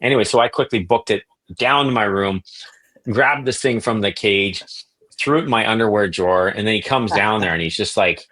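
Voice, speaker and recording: A man from Canada, a reptile breeder and podcast guest, telling animated stories and acting out quotes. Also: fairly low pitch, brisk. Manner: animated storyteller, acts out quotes. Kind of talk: casual podcast storytelling.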